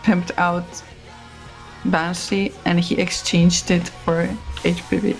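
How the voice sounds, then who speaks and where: A woman talks in a casual, animated way and acts out quoted lines. Her voice has a lot of vocal fry. Faint music sits behind her. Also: fairly low pitch, takes it slowly, poor audio. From Slovenia. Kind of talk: casual chat.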